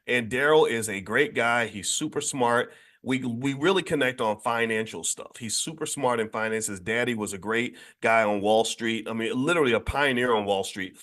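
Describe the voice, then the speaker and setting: A man's voice: mid-range voice, normal speed, few pauses, fairly bright tone. A man hosting a daily finance show, talking off the cuff to his audience in an emphatic, preachy way, often restarting and asking listeners to agree. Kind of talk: unscripted monologue to an online audience.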